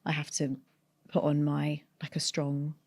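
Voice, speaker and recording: A woman from North London speaks in a neutral British accent with a faint North London edge, low and mellow. She is a voiceover artist talking through her work as an interview guest, thoughtful and unhurried, often restarting her sentences. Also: monotone. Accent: neutral British with a North London tinge. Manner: thoughtful, explains at length with restarts. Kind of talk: casual interview chat.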